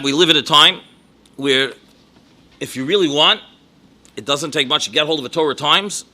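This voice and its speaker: A rabbi and educator with a bright, forceful voice on the high side gives a lecture full of anecdotes. He sprinkles his talk with Yiddish and Hebrew words.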